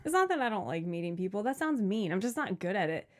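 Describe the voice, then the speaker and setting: A woman's voice: medium pitch, very animated. A woman in her forties co-hosting a podcast in casual chat, teasing her partner and laughing at herself. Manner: teasing, self-deprecating, quick to laugh. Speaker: podcast co-host.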